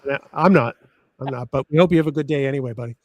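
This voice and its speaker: A man's voice: medium pitch, rapid-fire, dry recording. A man co-hosting a live fan show in casual chat, greeting viewers in the chat and joking around. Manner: chatty, reads out chat names, joking. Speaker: podcast co-host.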